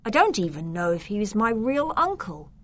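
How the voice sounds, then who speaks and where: A woman voicing a frightened, ashamed orphan boy in a storybook reading, hushed and anxious. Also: medium pitch, very animated, normal speed, pitched above the performer's own voice. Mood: sad.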